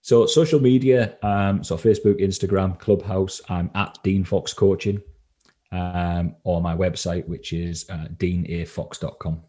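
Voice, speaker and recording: A man's voice: low voice, steady tone, unhurried, warm tone. A man from England, a coach being interviewed on a podcast, talking casually with many ums and restarts. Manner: hesitant, lots of ums and restarts. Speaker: confidence coach guest.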